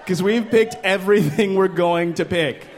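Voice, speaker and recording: A man in his thirties performing a stand-up comedy set on a club stage into a handheld mic, animated and jumping into character voices. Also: normal speed, slight background noise. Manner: animated, jumps into high-pitched character voices.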